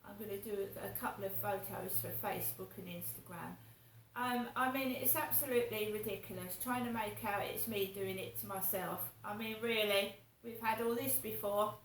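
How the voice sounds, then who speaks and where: Vlogging from her home flat, a woman with a steady, mid-range voice rambles indignantly at a normal speed, hardly pausing and swearing as she goes. She sounds distant from the mic, with roomy echo and slight background noise.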